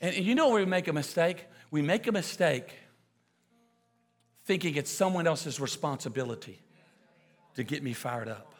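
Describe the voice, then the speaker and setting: A male pastor preaching a sermon full of comic stories, with excitable shouting bursts and quick asides. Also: a little high, soft background music. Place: church auditorium. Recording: preaching in a large echoing hall with audience.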